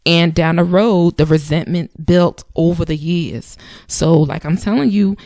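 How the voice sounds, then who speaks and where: Emphatic woman with a low voice. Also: steady tone, measured pace, warm tone, no room sound, studio quality. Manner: emphatic, conversational, with repeated phrases. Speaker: channel host. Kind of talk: casual advice talk.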